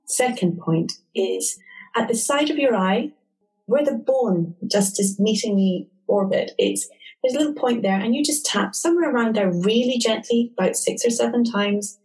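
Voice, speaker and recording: A woman calmly and gently explaining a tapping technique step by step in an interview. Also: on the high side, normal speed, poor audio. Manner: calm, gentle instructional talk. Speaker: tapping therapy practitioner.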